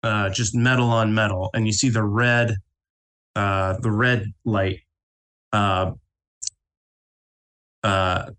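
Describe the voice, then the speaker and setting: A man running a tabletop game as game master, narrating haltingly and laughing often. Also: lowish voice, steady tone, a bit bright.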